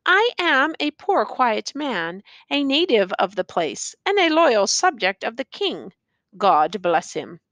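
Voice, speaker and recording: A woman's voice: on the high side, sing-song, slow, a bit bright, no echo, full character voice. A woman voicing a ragged, gray-bearded old man who pleads in confusion. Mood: pleading.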